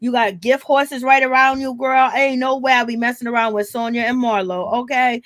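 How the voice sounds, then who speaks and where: A woman talking over a reality show with a fairly high voice and a gossipy, teasing manner. She keeps turning to her viewers with slangy asides. The sound is close and dry, with no room around it. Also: steady tone, normal speed, fairly bright tone, no echo. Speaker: reality TV recap host. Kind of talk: casual commentary on a reality show.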